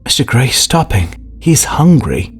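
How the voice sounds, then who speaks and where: A man's voice: mid-range voice, very animated, measured pace, slightly rough, faint music behind, pitched above the performer's own voice, heavily acted. A man voicing a sick, crafty man who whines and snarls for a drink, in an audiobook reading. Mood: confiding. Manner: whining, snarling, pleading.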